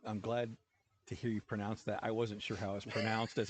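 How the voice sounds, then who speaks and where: A man's voice: fairly low pitch, level tone, brisk, noisy background. A man co-hosting a podcast Bible study, mostly chiming in briefly and joking lightly. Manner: short, affirming interjections and light joking. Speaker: podcast co-host. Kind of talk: casual Bible-study discussion.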